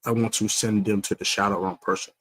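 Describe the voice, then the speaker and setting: A man with a fairly low voice hosting a casual postgame fan livestream. He rambles through fillers and false starts and trash-talks rival fans. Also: little pitch movement, fast talker, fairly bright tone. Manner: rambling with many fillers and restarts, trash-talking. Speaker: fan podcast host. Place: stadium area after a game.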